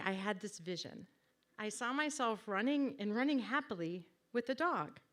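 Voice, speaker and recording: A woman tells a personal story to a live audience, speaking at a medium pitch. She is wry and conversational and makes fun of herself as she goes. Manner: wry, conversational, self-deprecating.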